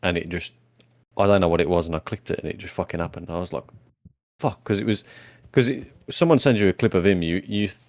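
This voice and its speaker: A young man with a very low voice talks in a laid-back, drawn-out way, cursing casually as he co-hosts a podcast. The sound is close and dry, with no room around it. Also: darkish tone, no room sound. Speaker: podcast co-host. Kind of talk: casual chat.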